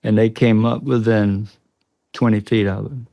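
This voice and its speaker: A man's voice: fairly low pitch, fairly even intonation, a little slow, creaky, dark tone, no echo. A man, a guest on an interview show, earnestly recounting a tense personal experience, often breaking off and restarting. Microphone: studio podcast mic.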